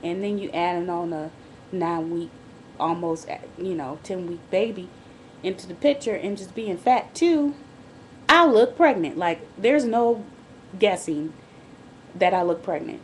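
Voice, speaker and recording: A woman's voice: fairly low pitch, a little slow, darkish tone, slight background noise. A pregnant woman, vlogging from bed rest in a chatty, candid way, with frequent restarts and asides. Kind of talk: casual pregnancy diary vlog.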